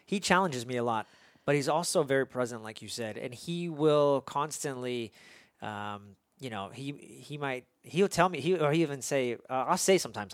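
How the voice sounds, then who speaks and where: A man's voice: medium pitch, no room sound. Reflective man with a dry sound. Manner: reflective, halting, frequent restarts. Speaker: podcast host. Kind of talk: conversational interview.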